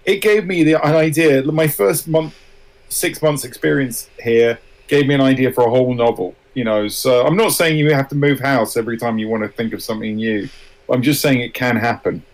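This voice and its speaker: A man's voice: medium pitch, normal speed, poor audio. Encouraging man giving rambling advice. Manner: rambling, encouraging, restarts phrases. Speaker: writer guest. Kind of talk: casual advice chat.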